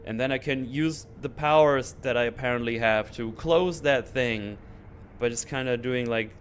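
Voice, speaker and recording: Guy ranting casually, sarcastic, mid pitch, bit of hum behind. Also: moderate pace. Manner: animated, sarcastic, mocking voices. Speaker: channel host.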